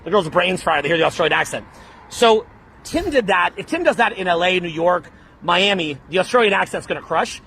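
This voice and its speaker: A man's voice: high-pitched, expressive, fairly quick, bright, forceful tone, slight background noise. A man from Canada giving dating advice in a brash, blunt lecture style, calling his listeners bro. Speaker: dating coach.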